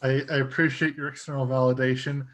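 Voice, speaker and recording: A man's voice: mid-range voice, little pitch movement, quick pace, a bit bright. A man co-hosting a car podcast in casual chat, wry and sarcastic. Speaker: podcast co-host.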